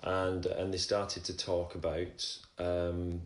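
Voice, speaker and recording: A Christian man shares his testimony on a casual religious livestream, speaking in a low, monotone voice at a slow pace. He rambles from thought to thought, cuts himself off mid-sentence, and reads scripture aloud between stories. The audio is roomy and echoey, like a bare room at home.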